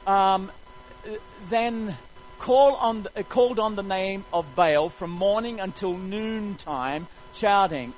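A man preaching a sermon, retelling a story in an animated, jokey way. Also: high voice, slow pace, soft background music, rough recording.

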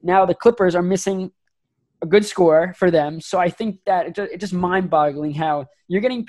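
A man co-hosting a sports podcast, ranting emphatically with quick restarts and rising outbursts. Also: sits high, darkish tone. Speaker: podcast co-host. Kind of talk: heated sports podcast rant.

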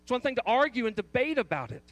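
A man with a notably high voice delivers a sermon. He leans hard on one repeated question, stressing single words and often restarting his phrases. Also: big pitch swings, fast talker, a bit bright, dry recording. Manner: emphatic, repeats the key question, frequent restarts. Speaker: pastor.

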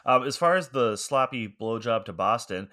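Man, podcast co-host, bright tone, rambly, laughs a lot, casual chat. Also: medium pitch, animated, normal speed. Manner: rambling, laughs often, heavy use of "like".

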